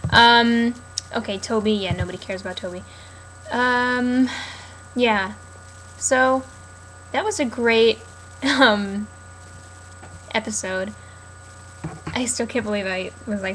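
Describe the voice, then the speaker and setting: A young woman chats loosely and with dry sarcasm, filling her pauses with lots of ums. Her voice sits a little high and sounds bright. A faint hiss runs under her talk. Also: rough recording. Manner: chatty, sarcastic, many fillers. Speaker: TV recap vlogger. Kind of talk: casual rambling commentary.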